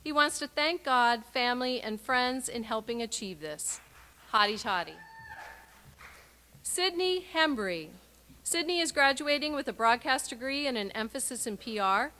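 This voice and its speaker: A woman reading out graduates' names and short personal messages at a university graduation ceremony, with clear, measured announcing and emphatic sign-offs. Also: on the high side, animated, sharp tone.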